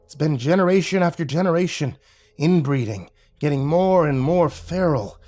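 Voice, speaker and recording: A man voicing an older rural man who tells grim local lore in a slow, folksy drawl. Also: fairly high pitch, lively intonation, darkish tone, voice pushed up, lightly acted. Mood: ominous.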